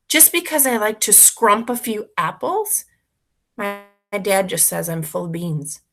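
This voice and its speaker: A woman's voice: medium pitch, a bit bright. A woman reading a children's story aloud expressively, narrating as a boy. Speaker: reader for schoolchildren.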